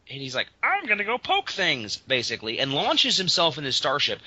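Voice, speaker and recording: A man's voice: sits high, pushed and bright, no echo. Male podcast co-host, exasperated ranter, lo-fi dull audio. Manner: exasperated, ranting storyteller. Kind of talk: casual comedic chat.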